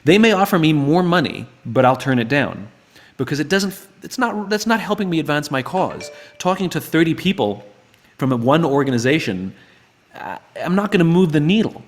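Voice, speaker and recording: A man hosting an online book club, answering viewers' questions live and thinking out loud with frequent restarts and acted-out bits of dialogue. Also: a little high, lively intonation, moderate pace. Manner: acts out both sides of dialogues in raised voices.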